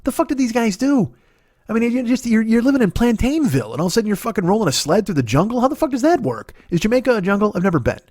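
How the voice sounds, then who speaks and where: Middle-aged comedian guy ranting alone at home, super fast, swearing a lot, going in circles. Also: sits high, very animated, darkish tone, breathy edge, no room sound, clean studio sound. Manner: profane, rambling, argumentative. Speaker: comedian and podcast host. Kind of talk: solo comedic rant.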